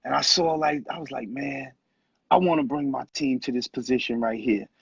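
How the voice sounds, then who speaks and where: A man in his thirties, a former pro basketball player and guest, telling animated stories in casual talk and acting out quotes. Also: medium pitch, normal speed, no echo. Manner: animated storyteller who acts out quotes. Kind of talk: casual storytelling interview. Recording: muffled lo-fi audio, husky.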